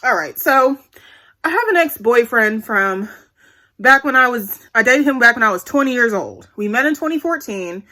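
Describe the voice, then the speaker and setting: Young woman spilling a story to her viewers, cussing a lot, high bright voice. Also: expressive, normal speed. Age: 20s. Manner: blunt, profane, chatty storytelling addressing viewers. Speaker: vlogger. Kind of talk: candid storytime vlog.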